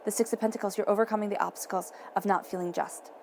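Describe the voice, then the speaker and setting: A woman giving a tarot reading, speaking in a soft, encouraging way and repeating phrases for emphasis. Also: mid-range voice, fairly even intonation, quick pace, vocal fry, slight background noise. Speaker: tarot reader.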